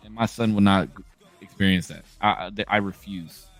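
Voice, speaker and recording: A man's voice: on the low side, fairly even intonation, brisk, fairly bright tone, faint music behind. A man in his thirties talking candidly in a casual conversation, emphatic and blunt, often restarting his sentences. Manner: emphatic, frequent profanity and restarts.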